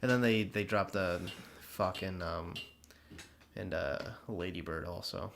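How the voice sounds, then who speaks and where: Young man, podcast co-host, low-pitched, rambling casual chat, swears and laughs. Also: measured pace, gravelly, a bit bright, a little hiss or hum.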